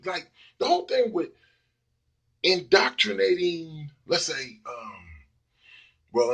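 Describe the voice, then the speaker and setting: A man's voice: medium pitch, sharp tone, breathy edge. A man giving a blunt, profane casual monologue full of fillers. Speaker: commentator.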